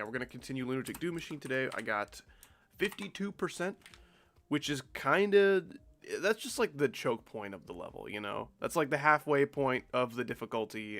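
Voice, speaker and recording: Congested young man, lively gravelly voice. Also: on the low side. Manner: rambling, offhand, jokey. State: congested, nasal. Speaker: game streamer. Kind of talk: casual live-stream chat.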